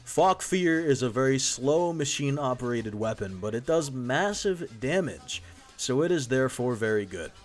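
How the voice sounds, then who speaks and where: A young man riffs through a comedic gameplay voice-over in an unhurried, mid-pitched voice. His talk is crude and profane, full of running gags he laughs at himself, while faint music plays behind. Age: young adult. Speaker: video essay host.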